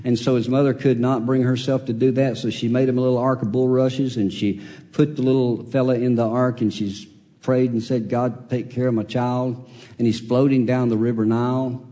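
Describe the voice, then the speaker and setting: Folksy preacher in an echoing hall. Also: male voice, mid-range voice, flat delivery, fairly quick. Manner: folksy storytelling, swings between loud and soft. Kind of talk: sermon. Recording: long hall reverb.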